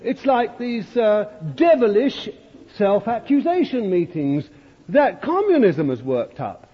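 A male preacher delivering a sermon as a dramatic storyteller, swinging from loud to hushed. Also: high-pitched, big pitch swings, takes it slowly, breathy edge. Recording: dull, echoey old hall recording.

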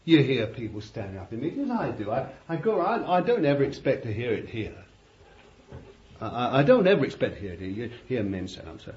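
An Englishman preaching a sermon with fervour, swinging from loud exhortation to quiet asides. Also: medium pitch, huge pitch swings, brisk. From England. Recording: dull lo-fi recording with faint hiss.

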